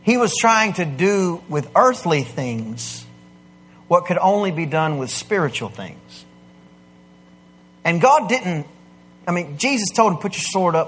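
A man preaching a sermon, swinging from quiet asides to loud, emphatic declarations. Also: high-pitched, big pitch swings, a little slow, husky. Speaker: pastor.

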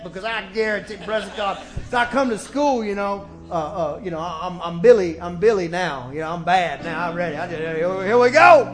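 A middle-aged male pastor preaching a sermon in church, swinging from quiet storytelling to shouted declarations. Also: sits high, expressive, moderate pace, soft background music. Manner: preaching with sudden shouted peaks and storytelling asides.

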